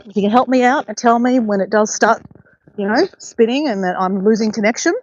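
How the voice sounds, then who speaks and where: A woman's voice: on the high side, fairly quick, no room sound, dull audio. A woman hosting a casual live stream outdoors by a bay, chatting to viewers in an upbeat way. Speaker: livestream host. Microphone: handheld phone.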